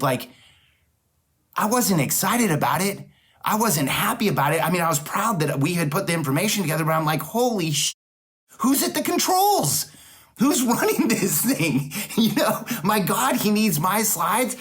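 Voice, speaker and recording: A man's voice: mid-range voice, fairly bright tone. Emphatic man delivering a podcast monologue. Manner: emphatic, repetitive rallying; self-correcting restarts. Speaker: podcast host, business coach.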